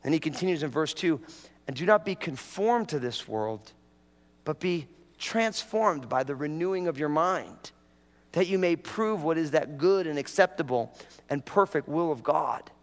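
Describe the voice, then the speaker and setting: A man's voice: on the high side, lively intonation, normal speed, long reverb tail. A man preaching a sermon as pastor, talking casually and drawing the congregation in with prompts and jokes.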